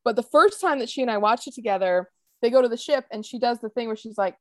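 A woman co-hosting a podcast, chatting casually about a TV episode, animated and quick to laugh as she acts out scenes. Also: fairly high pitch, no room sound. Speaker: podcast co-host. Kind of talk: casual chat recapping a TV episode.

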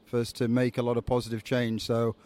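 A man with a Yorkshire accent, interviewed on a city street, sounding upbeat and measured. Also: medium pitch, monotone, a little mellow. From England.

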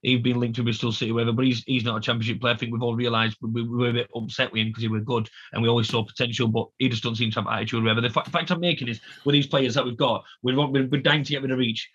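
A man talks fast and hammers his point home in a husky voice. His voice sits a little high, and the audio is dull and lo-fi. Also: steady tone, a bit bright. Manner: ranting, emphatic, repeats himself. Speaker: podcast co-host. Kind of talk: casual football chat.

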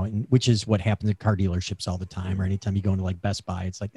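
A man's voice: on the low side, fairly even intonation, a little fast, few pauses, mellow, breathy edge, no echo. A man being interviewed about selling, talking in a chatty coaching way with many fillers over a remote call mic. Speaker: sales expert guest.

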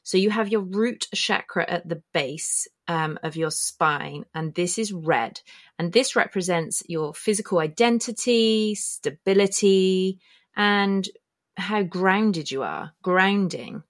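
A woman hosts her own podcast and talks slowly in a fairly low voice. Her delivery is chatty and meandering, full of small restarts and self-corrections as she explains things. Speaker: podcast host. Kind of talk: casual spoken explainer. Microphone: filmed while talking, pointing to body.

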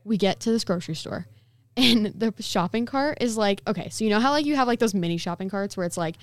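A woman's voice: medium pitch, quick pace, no echo. Young woman guest, easygoing storyteller, close dry mic. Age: early 20s. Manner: laughing, animated storytelling. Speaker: podcast guest. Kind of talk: casual chat.

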